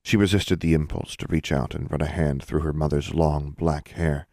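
Male audiobook narrator, very low voice, dry close sound. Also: fairly even intonation, moderate pace, creaky, hardly any pauses, darkish tone, dry recording. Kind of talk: scripted narration.

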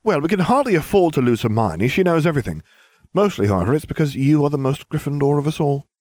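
A man voicing a smug, scheming teenage boy wizard who talks briskly and bossily. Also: fairly high pitch, big pitch swings, a little mellow, dry recording, voice pushed up. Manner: brisk, self-satisfied, bossy.

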